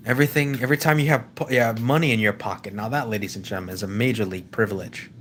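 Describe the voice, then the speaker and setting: A man hosting a live stream, talking off the cuff in a rambling way, with frequent restarts, and repeatedly calling out to his viewers as ladies and gentlemen. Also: on the low side, very fast, a little hiss or hum. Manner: rambling, with many restarts and stumbles; keeps addressing the audience as "ladies and gentlemen". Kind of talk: casual opinion monologue.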